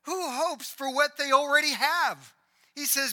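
A man preaching a sermon, swinging between loud emphatic lines and hushed, quiet ones. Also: very high-pitched, unhurried. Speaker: pastor.

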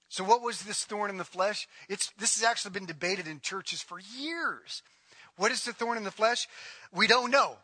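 A male pastor preaching a sermon in an animated, conversational way with casual asides. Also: sits high, normal speed, slightly rough, no echo.

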